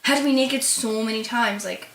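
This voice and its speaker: A woman's voice: a little high, moderate pace, fairly bright tone. A woman co-hosting a podcast, chatting bluntly and animatedly. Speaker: podcast co-host. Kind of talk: casual chat. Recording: echoey room.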